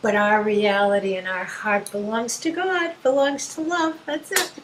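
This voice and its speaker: A woman earnestly sharing spiritual reflections with a group, gently telling a personal story. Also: mid-range voice, a little slow, roomy sound, slight background noise, poor audio. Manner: earnest, gentle, quotes herself in dialogue.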